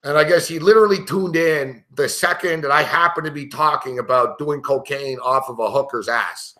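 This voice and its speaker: A man's voice: on the high side, normal speed, pushed and bright. A middle-aged man hosting a sports betting show, telling stories in a brash, profane, casual way and laughing often. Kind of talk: casual storytelling chat.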